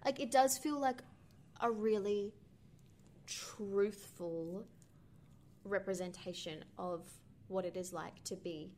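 A woman's voice: medium pitch, takes it slowly, a little mellow, a little hiss or hum. A young woman co-hosting a podcast, talking through a film in a thoughtful, rambling way with many fillers. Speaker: podcast co-host. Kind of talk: casual film discussion.

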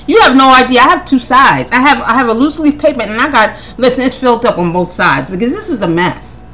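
A woman hosting a podcast, talking through her notes in casual commentary, firing off one pointed question after another and often repeating her words. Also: fairly high pitch. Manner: animated, rapid-fire questioning, repeats words; preacherly Christian tone. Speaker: podcast host.

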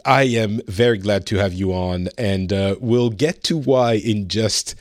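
Animated laughing male podcast host. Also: unhurried, no room sound, studio quality. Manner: animated, laughs often, pitch jumps up when excited. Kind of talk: casual chat.

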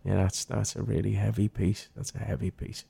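A man's voice: lowish voice, level tone, a little fast, vocal fry, warm tone, breathy edge. A man with a Liverpool accent, an actor talking as a guest in a casual interview, telling chatty stories. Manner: chatty storyteller, acts out others' voices.

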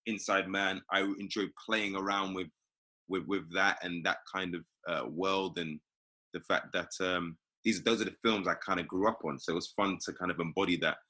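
A very low-pitched man, an actor chatting as an interview guest. His voice is forceful and bright despite its depth. He talks thoughtfully, circling back and repeating words as he works out what to say. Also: fairly even intonation, normal speed. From England. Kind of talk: casual interview chat.

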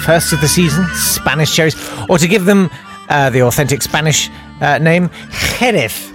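A man's voice: a little high, normal speed, a bit bright, faint music behind. A man hosting a radio show, rambling through comedic chat with lots of ums, tangents and self-amused asides. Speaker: radio host.

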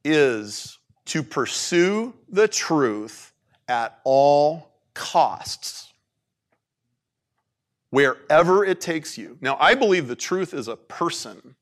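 A man giving an informal faith talk to an audience, animated and conversational, with plenty of "like"s. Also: a little high, very slow. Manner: animated, conversational preaching with many "like"s.

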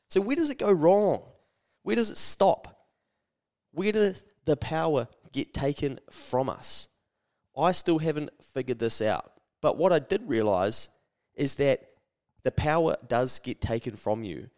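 Blunt, fired-up New man. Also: measured pace. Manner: energetic, blunt and swearing, mimics naysayers in a higher voice. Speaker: podcast host. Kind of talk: motivational solo podcast.

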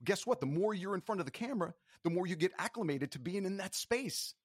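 A man's voice: high-pitched, animated, fairly quick, dry recording, clean studio sound. A man speaking as an interview guest, in an emphatic, motivational way. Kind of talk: casual interview talk.

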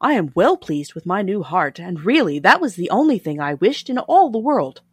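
A woman voicing a gentle, tender-hearted tin man, speaking earnestly and formally in a storybook reading. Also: lowish voice, big pitch swings, moderate pace, slightly rough, dry recording, heavily acted. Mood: content. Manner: earnest, formal, a little louder.

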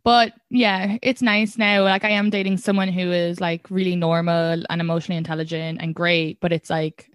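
Irish woman, young adult, comedian guest, animated storytelling, dry close sound. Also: lowish voice, moderate pace, few pauses, smooth, no room sound. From Ireland. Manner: animated storytelling with frequent restarts and laughs. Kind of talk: casual podcast chat.

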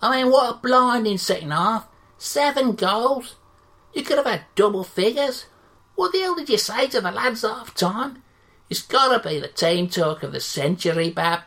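Woman putting on a male sports radio reporter, loud, gushing, pushy, comedy sketch. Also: fairly high pitch, animated, normal speed, voice pushed up.

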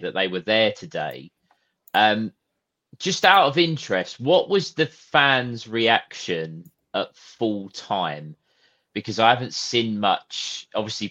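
A man co-hosting a football podcast in casual chat. He talks thoughtfully, pausing on fillers as he works through his points. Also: fairly low pitch, a bit bright, dull audio. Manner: thoughtful, hesitant, many fillers. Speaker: podcast co-host.

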